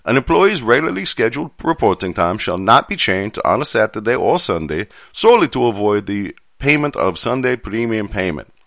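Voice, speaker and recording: A man's voice: a little high, big pitch swings, takes it slowly, sharp tone, no room sound, clean studio sound, voice pushed up, full character voice. A man putting on a stilted foreign accent. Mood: earnest. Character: adult man reading legal text in a put-on foreign accent.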